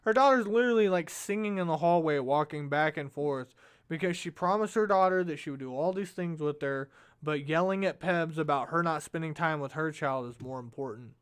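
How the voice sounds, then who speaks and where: A man's voice: fairly high pitch, a little fast, clear, resonant tone. A man commenting on a streamer's rant, sarcastic and mocking. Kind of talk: reaction commentary.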